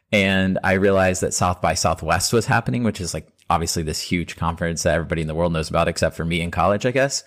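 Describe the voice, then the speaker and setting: A man hosting an interview podcast, chatting in a relaxed way, telling a story from his own life and asking questions. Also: low voice. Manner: relaxed, conversational, many fillers. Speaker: podcast host. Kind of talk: casual interview chat.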